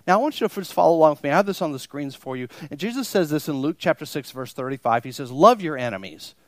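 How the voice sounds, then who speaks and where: Preaching to a congregation at a church service, a pastor speaks in a slightly high, expressive voice at a rapid-fire pace, captured in a dry recording. He stresses points by repeating phrases, stays emphatic, and often acts out the reactions he imagines from his listeners.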